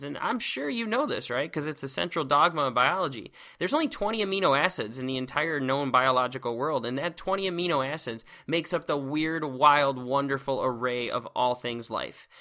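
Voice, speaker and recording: A man's voice: fairly high pitch, expressive, brisk, few pauses, bright, forceful tone. A man hosting a casual science lecture podcast, seated at a close microphone, exuberant and playful, heaping on words like awesome. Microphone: close microphone, speaking seated.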